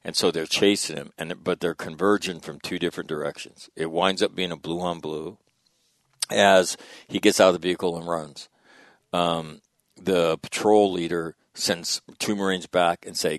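A man telling a war story in a podcast conversation, blunt and profane, dropping his voice when quoting. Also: no room sound. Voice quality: low gravelly voice. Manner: blunt, profane, drops to a hush for quoted dialogue. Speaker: guest, former military officer.

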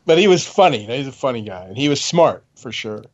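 A man's voice: mid-range voice, sing-song, a little fast, muffled recording, slight background noise. An older man, a retired officer on a radio panel, telling chatty anecdotes and laughing at his own stories.

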